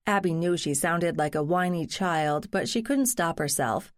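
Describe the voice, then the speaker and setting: A woman narrating a mystery audiobook in a measured, even reading voice. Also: lowish voice, no echo, studio quality. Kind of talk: scripted narration.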